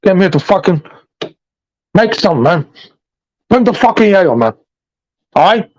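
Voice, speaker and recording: A man's voice: sits high, sing-song, a little mellow, rough recording. A man voicing a brash, hot-tempered immigrant drug dealer, swearing aggressively. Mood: angry, demanding. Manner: aggressive, swearing, rapid-fire.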